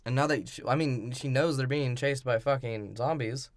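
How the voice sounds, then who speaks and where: Young male podcast co-host, relaxed crude banter, mid-pitched, dry room. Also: no echo. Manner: laid-back, profane, quick to agree and add gags. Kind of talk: casual crude movie recap.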